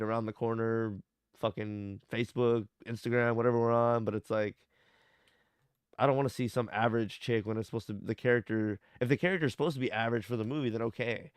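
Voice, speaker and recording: A man's voice: fairly low pitch, clear, resonant tone, no echo, studio quality. A young man chatting casually on a podcast, laid-back and rambling, swearing and saying "like" a lot. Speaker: podcast co-host. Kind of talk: casual chat.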